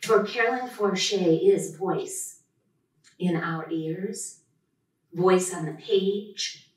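Slow, earnest woman in echoey hall. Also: fairly low pitch. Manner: enthusiastic, heartfelt. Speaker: professor introducing a poet. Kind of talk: live event introduction speech. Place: lecture room at a reading. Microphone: podium mic. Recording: echoey hall, distant mic.

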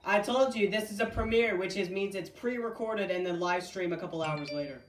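A woman's voice: mid-range voice, fairly quick. A woman hosting a game stream in casual chat, teasing her co-player and laughing often. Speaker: stream host. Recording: roomy, distant mic, noisy.

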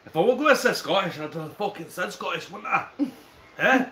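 Sweary man, lively voice. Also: high-pitched, fairly quick. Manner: sweary, joking, puts on mock accents. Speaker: host. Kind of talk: casual banter among friends. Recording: echoey room.

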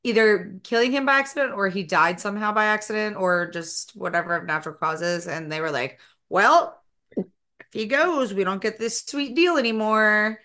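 Bright, animated woman co-host. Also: medium pitch, normal speed. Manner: animated reactions, yells at characters. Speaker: recap podcast co-host. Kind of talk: casual recap chat.

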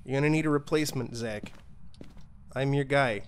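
A man with a medium-pitched voice gives live-stream commentary while playing a ghost-hunting game at a moderate pace. He swears freely, trash-talks the ghost, and jokes to himself and his chat, over a slight hiss or hum.

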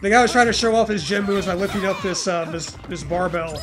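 A young man chatting casually over a video game, telling a rambling, halting story with crude jokes. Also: high-pitched. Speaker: gaming co-host. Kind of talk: casual chat over gameplay. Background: game music.

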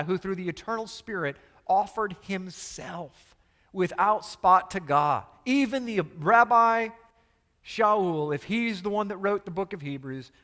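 A man's voice: high voice, bright, forceful tone, big-room sound. A man preaching a sermon as pastor, emphatic and full of rhetorical questions to the congregation.

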